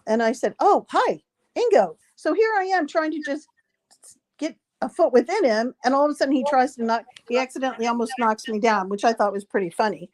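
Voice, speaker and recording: A woman with a slightly high voice recounts an anecdote as an interview guest, chatty and animated. She acts out the other people's lines as she goes. Her story is broken up by frequent throat clearing. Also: moderate pace. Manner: lively retelling, acting out quoted dialogue. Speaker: psychic guest.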